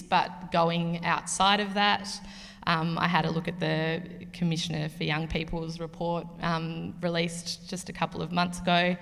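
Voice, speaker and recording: A woman's voice: on the low side, fairly bright tone. A woman with an Australian accent speaking earnestly on a discussion panel. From Tasmania. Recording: reverberant hall.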